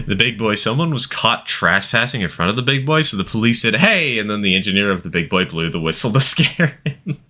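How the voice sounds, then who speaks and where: Streaming a train game, a man offers casual gameplay commentary in a fairly low voice that is expressive, brisk, bright, and forceful. He wanders into asides and laughs a lot.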